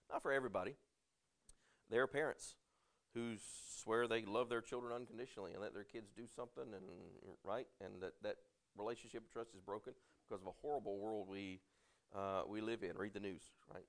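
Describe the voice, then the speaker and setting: A man preaching a conversational sermon, reading scripture slowly and loudly, then talking with the congregation using questions, fillers and restarts. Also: on the low side. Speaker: pastor.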